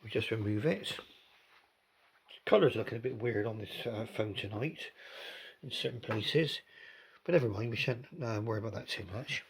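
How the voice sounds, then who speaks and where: A man's voice: on the low side, moderate pace, vocal fry, pauses often. A man, chatting casually about model railway pieces while filming on his phone. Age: 60s. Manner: chatty and rambling, with gentle asides. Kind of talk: casual hobby commentary.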